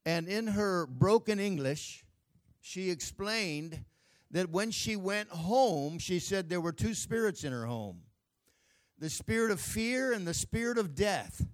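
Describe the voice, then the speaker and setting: A man's voice: high-pitched, lively intonation, takes it slowly. A man pastor giving a sermon, telling a story with emphatic preaching.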